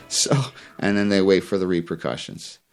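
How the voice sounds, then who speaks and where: A man's voice: sits low, fairly even intonation, normal speed, smooth, soft background music. A man hosting a fishing podcast, rambling and heated, with many fillers and restarts. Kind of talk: casual opinion rant.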